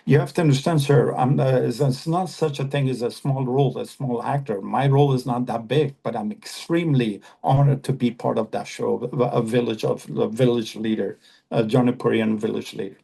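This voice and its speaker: A man in his fifties from Afghanistan, an actor guest on a podcast interview, talking earnestly and haltingly with many repeated phrases. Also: mid-range voice, steady tone, vocal fry, dark tone, breathy edge.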